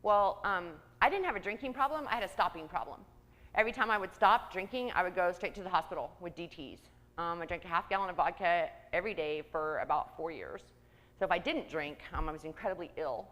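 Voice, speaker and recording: A woman who works as a church outreach coordinator, giving a candid personal testimony in a conversational way, with many pauses and ums. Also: fairly low pitch, a bit bright. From Kansas, US. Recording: reverberant church hall.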